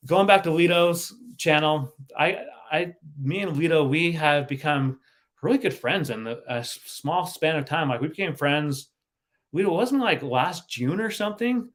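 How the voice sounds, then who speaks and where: A man's voice: fairly high pitch, animated, moderate pace. A man hosting a casual livestream, laughing often and stumbling over his words as he reads the chat. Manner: giggly, laughs often and breaks off mid-sentence. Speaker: livestream host.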